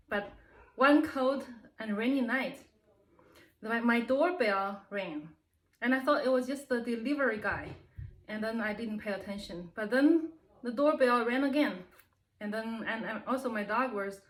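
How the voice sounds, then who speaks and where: A woman from China, telling a comic personal story in English, halting and restarting often. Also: a little high, fairly bright tone. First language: Chinese. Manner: halting, with many restarts and laughs. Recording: roomy echo.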